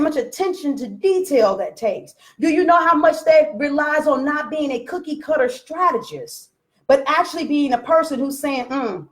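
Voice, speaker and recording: A woman business coach giving a blunt, profane, preachy talk and addressing her viewers directly. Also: sits high. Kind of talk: live motivational rant.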